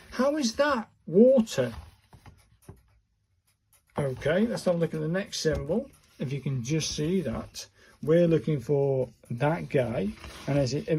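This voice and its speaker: A man's voice: on the high side, mellow, slight background noise. A middle-aged man, chatting to viewers in a casual video and growing exasperated as he works things out. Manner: chatty, exasperated, talks to viewers while searching cards. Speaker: vlogger learning calligraphy. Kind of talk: casual self-recorded tutorial.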